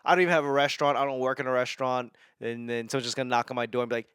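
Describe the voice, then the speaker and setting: A man's voice: mid-range voice, fast, few pauses, fairly bright tone, smooth, dry recording, studio quality. A young man from New England hosting a podcast, rambling casually with self-mocking humor, frequent swearing and laughter. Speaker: podcast host. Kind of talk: casual monologue.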